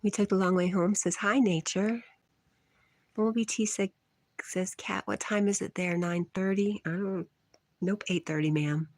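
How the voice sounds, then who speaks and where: A woman's voice: medium pitch, fairly even intonation, normal speed, a little mellow, no room sound. Chatty woman reading out her chat. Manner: chatty, teasing, laughs often. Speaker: livestream host reading chat. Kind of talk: casual livestream chat. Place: on a porch.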